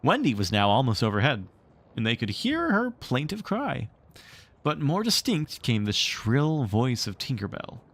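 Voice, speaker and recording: A man reading a storybook aloud on a stream and chatting casually, animated and playful. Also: mid-range voice, unhurried. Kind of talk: read-aloud narration and casual stream chat.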